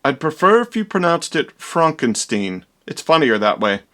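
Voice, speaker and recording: A man's voice: on the high side, sing-song, normal speed, sharp tone. A man playing a vain, dramatic young doctor in a comedy parody, with theatrical, exaggerated delivery.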